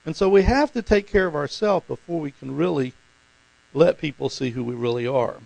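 A man's voice: on the high side, moderate pace, gravelly, darkish tone, dry recording, low-quality recording. A man preaching a conversational sermon as pastor, talking informally and putting questions to his congregation.

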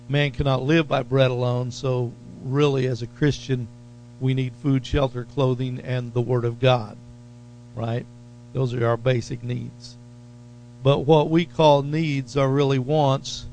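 A man delivers a sermon at an unhurried pace, his voice sitting in an ordinary middle register. He stretches and stresses the phrases that matter most, and a faint mains hum runs under the recording. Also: mid-range voice, darkish tone. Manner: slow, emphatic preaching with drawn-out stressed phrases. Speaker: pastor.

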